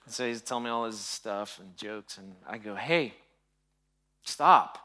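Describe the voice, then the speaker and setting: Pastor guy in his 40s preaching, bright voice, goes quiet and soft for the story bits. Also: level tone, a little fast. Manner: soft and hushed while telling a personal story, louder and higher when preaching. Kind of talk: sermon.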